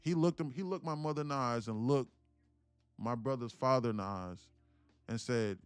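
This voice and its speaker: A man's voice: mid-range voice, normal speed, smooth, no room sound. A man around thirty, live-streaming to viewers, who talks emphatically, repeats "listen, look" and swears casually while telling a heartfelt story. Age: about 30. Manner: emphatic, repetitive, keeps saying "listen, look". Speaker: day trading streamer. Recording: dry close mic with faint music behind.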